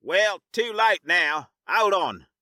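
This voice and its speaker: A man's voice: a little high, normal speed, bright, forceful tone, no room sound, studio quality. A man voicing a laid-back, crude Australian human spacer in an audio story, with an Australian accent and slangy, swearing talk. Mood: urgent. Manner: easygoing, slangy, swears casually.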